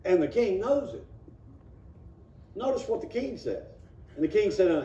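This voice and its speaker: A man's voice: sits high, big pitch swings, normal speed, long pauses, dark tone. A man teaching an informal Bible class in a church room, reading scripture and acting out the people he quotes. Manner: folksy, acts out the people he quotes; reads scripture aloud, then explains it. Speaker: Sunday school teacher. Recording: roomy, distant, dull room recording.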